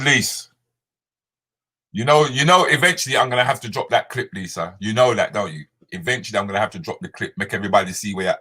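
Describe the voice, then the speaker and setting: Bright-voiced man, joking banter. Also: lowish voice. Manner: banters with viewers by name, slips into Jamaican patois. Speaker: comedian host moderating a live chat. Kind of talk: casual live-stream chat reading comments.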